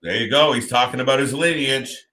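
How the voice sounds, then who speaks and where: A man's voice: medium pitch, a little fast, bright, forceful tone. A man hosting a live watch party, chatting casually and talking to viewers by name as he reacts.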